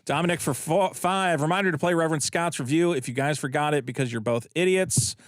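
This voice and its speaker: A man co-hosting a podcast, reading out super chats with quick, crude, jokey banter. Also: on the high side, dry recording, studio quality. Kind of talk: casual podcast chat.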